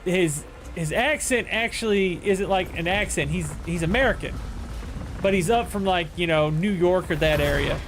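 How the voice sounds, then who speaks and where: High-voiced rambling male streamer. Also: normal speed, over music. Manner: rambling anecdotes with frequent restarts. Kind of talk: casual chat while gaming.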